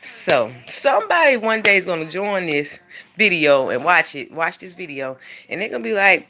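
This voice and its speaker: A woman's voice: fairly low pitch, big pitch swings, normal speed, bright, forceful tone. A woman chatting casually to her viewers while she cooks breakfast live in her home kitchen. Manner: chatty, talks straight to viewers. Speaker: cooking vlogger livestreaming. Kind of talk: casual live cooking chat.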